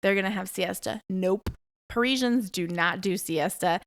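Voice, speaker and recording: A woman's voice: mid-range voice, normal speed, no room sound. Blunt, cursing woman podcaster. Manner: frank, blunt, swears freely. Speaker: podcast host. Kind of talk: casual monologue podcast.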